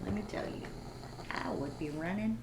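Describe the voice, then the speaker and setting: A woman's voice: lowish voice, normal speed, vocal fry. A middle-aged woman, a mother, chatting casually about a book with jokey, teasing asides. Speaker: mother reading along. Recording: echoey room with faint hiss.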